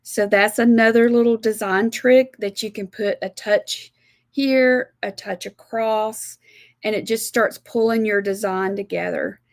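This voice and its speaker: A woman's voice: mid-range voice, steady tone, a little slow, creaky, dry recording, clean studio sound. A woman from South Alabama with a Southern American accent, chattily walking viewers step by step through a live watercolor demonstration. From South Alabama, USA. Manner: chatty, homey, explains step by step. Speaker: art instructor.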